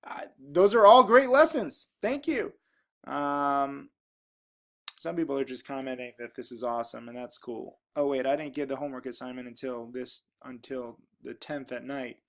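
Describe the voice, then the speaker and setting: A man's voice: medium pitch, moderate pace, fairly bright tone. A man in his thirties with a casual vlog voice, reading viewer comments aloud and reacting to them in a frank, rambling way with many fillers.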